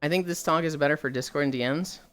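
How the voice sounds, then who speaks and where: A young woman streaming while she walks on a treadmill, telling a story in a casual, animated way with swearing, sounding a little tired. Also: sits low, fast talker. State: slightly tired from walking.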